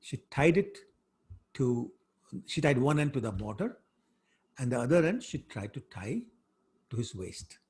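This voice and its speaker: A man's voice: medium pitch, sing-song, unhurried, pauses often, darkish tone. A man giving a scripture class, telling a story conversationally with asides to his listeners. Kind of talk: storytelling lecture.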